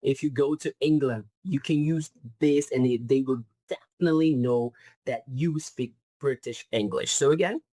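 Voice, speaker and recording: A man's voice: medium pitch, normal speed, mellow, no echo. A man with a Brazilian Portuguese accent teaching British slang in an online lesson, stressing and repeating each key word. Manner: emphatic, repeats key words. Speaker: English teacher.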